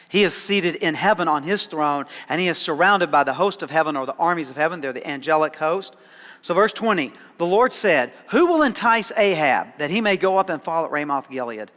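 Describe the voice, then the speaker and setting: A man's voice: a little high, lively intonation, normal speed, sharp tone, big-room sound. A man preaching a sermon as pastor, conversational and dryly sarcastic, often repeating words as he starts a thought. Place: church sanctuary.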